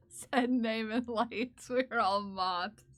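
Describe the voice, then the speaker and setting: Knitting on a live stream, a woman chats casually with her viewers and playfully scolds them in mock outrage, giggling and teasing. Her voice is a little high and a bit bright, and she speaks extremely slowly.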